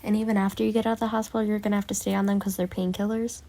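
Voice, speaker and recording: A woman's voice: medium pitch, level tone, very fast, dark tone. A young woman, a voice actor, narrating her listener role-play casually with lots of fillers. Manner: rambling, filler-heavy storytelling.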